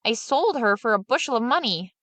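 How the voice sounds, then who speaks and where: A woman voicing a clever young male farmer who speaks in a high, eager voice. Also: lively intonation, a little fast, a bit bright, dry recording. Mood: sly.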